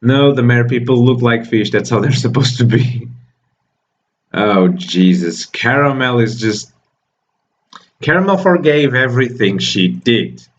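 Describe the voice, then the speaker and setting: A man's voice: mid-range voice, animated, a little slow, highs cut off. A man reading comic dialogue aloud and reacting to it, breaking off with exclamations and laughs. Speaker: manga reaction host.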